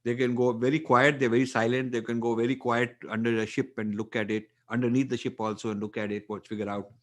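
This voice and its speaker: A man's voice: medium pitch, flat delivery, fast. An older man with an Indian English accent, an author answering interview questions emphatically, often repeating phrases and using fillers. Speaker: author and guest.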